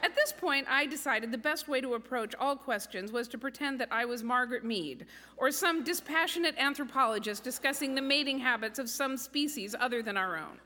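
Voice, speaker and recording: A woman's voice: sits high, brisk, few pauses, pushed and bright. A woman telling a comic personal story on stage, with a wry, self-mocking delivery. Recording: reverberant hall with background noise.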